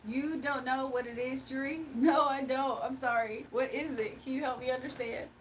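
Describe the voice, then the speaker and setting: A young woman chats loosely with her livestream viewers in a high, lively voice, gushing and laughing as she goes. She sits a bit back from the mic, with a faint hiss of background noise. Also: moderate pace, recorded from a distance. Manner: chatty and bubbly, gushing and laughing often. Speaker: livestream host. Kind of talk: casual livestream chat with viewers.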